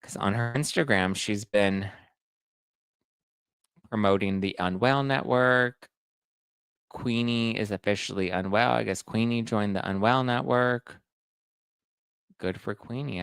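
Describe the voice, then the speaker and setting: A man's voice: on the low side, a little slow, gravelly, long pauses, fairly bright tone, clean tone, no echo. A man giving casual celebrity gossip commentary, retelling stories in a chatty way. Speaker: pop culture commentator.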